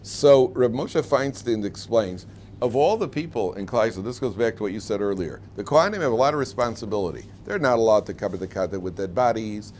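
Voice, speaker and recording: A man's voice: lowish voice, lively intonation, brisk, darkish tone, slight background noise. A man teaching a casual Torah class, chatty and joking, acting out quoted lines. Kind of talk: informal classroom lecture.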